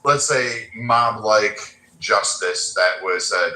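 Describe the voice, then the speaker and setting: A man's voice: medium pitch, lively intonation, unhurried, pushed and bright. Combative, mocking man in a roomy space. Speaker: debate panelist. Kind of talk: heated debate. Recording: roomy echo.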